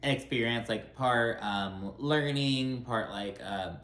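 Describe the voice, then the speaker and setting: A man's voice: mid-range voice, slow, a bit bright, reverberant. A man hosting a casual reality TV recap, talking in a chatty, blunt way with lots of fillers and swearing, and acting out the cast members' lines.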